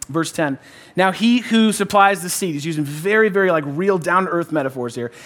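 A man's voice: high voice, lively intonation, moderate pace, fairly bright tone. A married man preaching a sermon, conversational but emphatic, repeating key phrases and calling on the congregation to answer back. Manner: conversational, uses "like" and "kinda". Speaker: pastor.

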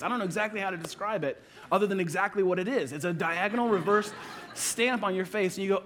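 High-voiced man preaching a playful sermon. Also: slight background noise. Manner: playful, acts out little scenes with quick asides. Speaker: pastor.

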